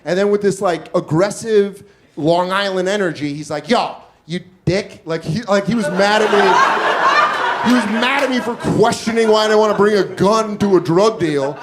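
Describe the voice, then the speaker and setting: A man's voice: high voice, normal speed, heavy background noise. A man doing stand-up, telling a story on a comedy club stage and acting out the other people's lines. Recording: live club recording with a loud crowd.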